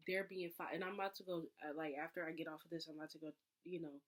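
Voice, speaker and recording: A woman talking casually to her viewers in a confessional vlog, reflective and chatty, full of "like" and "um", breaking into louder, higher bursts when she vents. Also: fairly even intonation, fast. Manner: chatty, reflective, filler-heavy with frequent "like" and "um"; jumps into higher, louder acted outbursts when venting. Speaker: vlogger.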